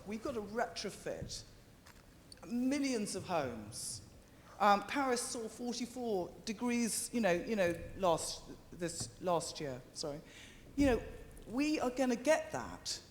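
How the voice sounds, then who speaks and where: A man giving an impassioned public statement to a committee, urgent and halting with fillers and restarts. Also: high-pitched, long reverb tail, slight background noise. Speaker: member of the public speaking to a committee. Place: large meeting chamber.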